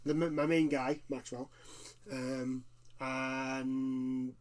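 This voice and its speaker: A man co-hosting a casual gaming chat, excitable and swearing casually. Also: mid-range voice, extremely slow. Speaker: co-host.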